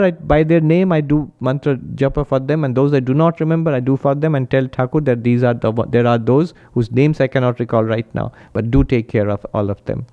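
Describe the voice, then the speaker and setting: A man, a monk, giving a spiritual talk and telling stories with animated quoted voices. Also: muffled recording. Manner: animated storyteller, raises pitch when quoting, laughs often.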